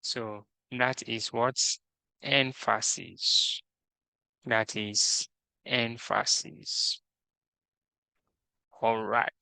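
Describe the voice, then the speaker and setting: A man's voice: mid-range voice, fairly even intonation, creaky, pushed and bright, smooth, dry recording. A man leading a screen-recorded coding tutorial, methodically reading out each task and talking through his steps. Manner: slow, methodical, reads task instructions aloud.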